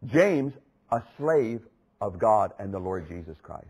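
A man's voice: on the low side, big pitch swings, unhurried, a little mellow, slightly rough, low-quality recording. A man preaching a sermon with impassioned, emphatic repetition.

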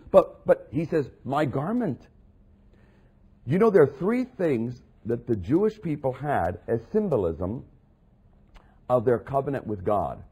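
A husky-voiced man delivers a sermon with a lively, rolling pitch. He drops low for asides and climbs high and loud when he acts out scripture. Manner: dramatic, swings from quiet asides to loud acted quotes of Jesus. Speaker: preacher.

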